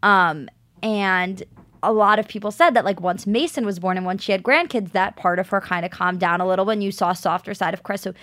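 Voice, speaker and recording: A woman's voice: medium pitch, steady tone, fairly quick, a bit bright. Emphatic young woman co-host. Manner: emphatic, chimes in with reactions and commentary. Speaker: podcast co-host. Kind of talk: casual chat.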